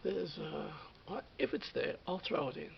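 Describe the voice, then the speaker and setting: A man's voice: fairly high pitch, lively intonation, normal speed, vocal fry. An Australian man in his fifties rambling through a solo vlog, often restarting and repeating himself. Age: 50s. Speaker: vlogger. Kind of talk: rambling monologue. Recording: dull lo-fi with hiss.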